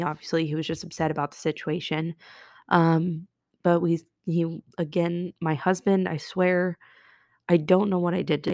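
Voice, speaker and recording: Podcast host, woman, nurse; low voice with vocal fry, emotional and halting, dry close sound. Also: darkish tone, no echo. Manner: emotional, halting, many restarts and fillers. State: close to tears. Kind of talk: personal confessional podcast monologue.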